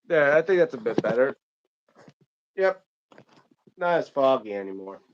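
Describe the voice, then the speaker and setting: Rambling streamer from Michigan. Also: male voice, mid-range voice, big pitch swings, moderate pace, dull audio, slight background noise. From Michigan, United States. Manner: rambling, chatty, many fillers and restarts. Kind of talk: casual live-stream chat while gaming.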